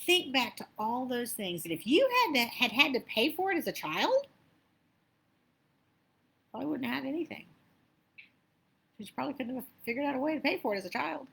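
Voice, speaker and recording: A woman abundance coach giving a motivational spiritual talk, chatty and animated, telling stories with asides. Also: high voice, fairly quick, vocal fry, long pauses.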